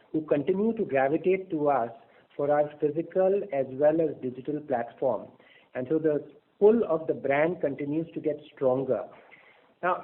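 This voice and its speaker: A man presenting as a bank executive on an earnings call, speaking in in a measured way, with frequent fillers and restarts. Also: a little high. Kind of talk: business presentation on a conference call. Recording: phone-line audio.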